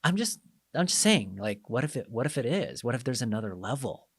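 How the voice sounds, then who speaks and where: A man's voice: mid-range voice, brisk, husky, no echo, studio quality. A man hosting a casual podcast conversation, telling coaching stories and acting out quoted exchanges. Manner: animated storyteller, acts out quoted exchanges.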